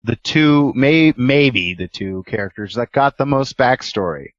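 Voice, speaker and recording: A man's voice: mid-range voice, lively intonation, unhurried, dry recording, lo-fi sound. A man co-hosting a podcast, joking and laughing in casual chat. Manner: jokey, laughs often. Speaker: podcast co-host.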